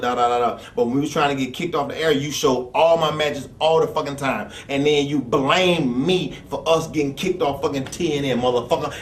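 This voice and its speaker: Profane, blunt man ranting in echoey room. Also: on the high side. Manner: blunt, profane, acts out quoted exchanges. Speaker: interview guest. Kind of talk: profane storytelling rant. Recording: echoey room, distant from mic.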